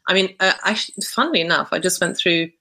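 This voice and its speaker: Low, gravelly-voiced woman guest; crisp bright tone; hesitant, reflective talker. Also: quick pace, low-quality recording. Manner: hesitant, thinks aloud with many restarts. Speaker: podcast guest. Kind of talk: reflective conversational interview.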